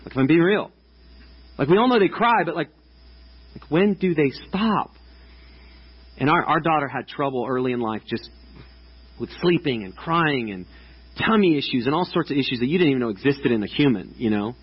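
A man's voice: medium pitch, lively intonation, moderate pace, long pauses, breathy edge, muffled recording. A man in his thirties preaching a casual, chatty sermon to a congregation, with lots of restarts and filler words. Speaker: pastor. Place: church stage before a congregation.

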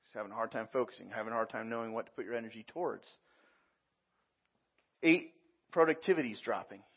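A man's voice: fairly low pitch, fast, slightly rough, lo-fi sound. A man preaching a sermon as a pastor, talking conversationally with frequent repeats and fillers.

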